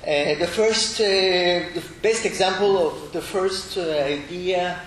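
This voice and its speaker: Halting man lecturing in an echoey room. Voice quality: halting, many fillers and tag "no?". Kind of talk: academic lecture. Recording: echoey room with faint rumble.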